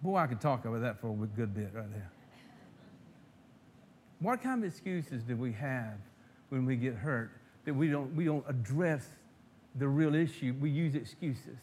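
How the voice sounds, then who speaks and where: Delivering a sermon at a normal speed, a pastor with a mid-range, animated voice grows loud and forceful on scripture readings, then falls to quiet asides. He frequently restarts and repeats words, and there's slight background noise.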